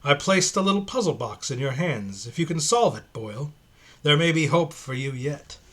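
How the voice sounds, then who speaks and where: Dude voicing a creepy self-righteous priest, loud and preachy, husky voice. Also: male voice, fairly high pitch, lively intonation, normal speed. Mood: sanctimonious. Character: sinister, self-righteous male prison priest.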